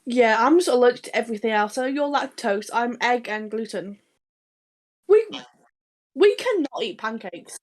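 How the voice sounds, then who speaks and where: A woman co-hosting a casual podcast, her voice pitched a bit higher than most. She rambles through anecdotes full of false starts and laughter, and she swears freely. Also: expressive, normal speed. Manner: rambling, laughing anecdote-telling with many restarts. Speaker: podcast co-host. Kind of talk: casual chat.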